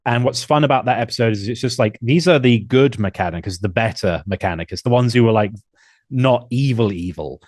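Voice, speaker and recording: A man's voice: mid-range voice, quick pace, hardly any pauses, a little mellow, dry recording, clean studio sound. A man hosting a casual film podcast, talking enthusiastically and now and then acting out lines in funny voices. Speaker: podcast host.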